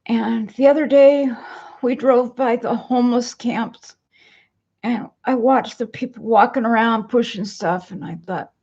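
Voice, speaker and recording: A woman talks slowly into a computer webcam at home, her voice heavily gravelly. She rambles in a downcast way and reads out viewer comments. The audio is husky and comes through dull and lo-fi. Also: on the high side, a little mellow. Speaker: vlogger. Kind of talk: casual home vlog. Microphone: computer webcam mic.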